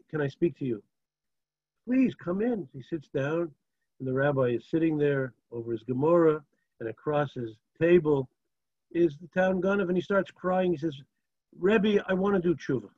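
A man's voice: fairly high pitch, husky, dull audio. A man teaching a Torah class, sprinkling Hebrew terms into English and asking rhetorical "right?" checks while telling stories. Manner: rhetorical, asks "right?" and "okay?". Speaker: religious teacher. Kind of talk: Torah class lecture with storytelling.

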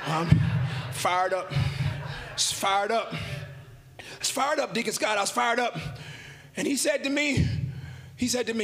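A man a sermon to his congregation, shouting and half-singing his lines, often dropping to a quiet, close tone. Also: very high-pitched, lively intonation, moderate pace. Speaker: pastor. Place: church sanctuary.

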